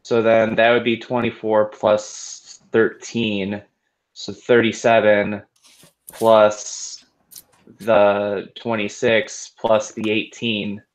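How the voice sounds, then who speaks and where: A man's voice: fairly low pitch, level tone, slow. A man playing a tabletop game, asking about the rules and adding up his damage. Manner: asks rules questions, tallies numbers. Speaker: player. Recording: dull lo-fi mic.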